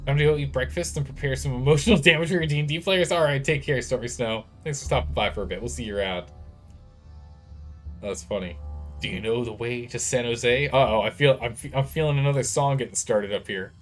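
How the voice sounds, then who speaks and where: A man's voice: medium pitch, quick pace, faint music behind. A man streaming a video game, chatting casually with viewers and reading game text aloud. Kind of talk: casual let's-play chat with stream chat.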